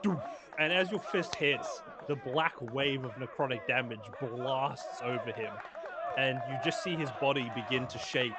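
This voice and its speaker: A man narrating a tabletop game as game master, laughing often and filling pauses with "uh". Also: medium pitch, background noise. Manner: laughing often, filler-heavy.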